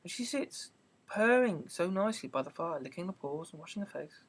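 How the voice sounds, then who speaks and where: A man's voice: high-pitched, lively intonation, brisk. A man voicing a curious, chatty young girl who talks in an eager, prim and rambling way in an amateur audiobook reading.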